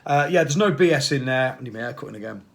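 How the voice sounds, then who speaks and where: A man's voice: mid-range voice, lively intonation, quick pace, creaky. Male fitness coach, casual vlog chat, fired up and waffly. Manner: passionate, rambling, fires off repeated questions. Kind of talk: casual motivational talk to camera.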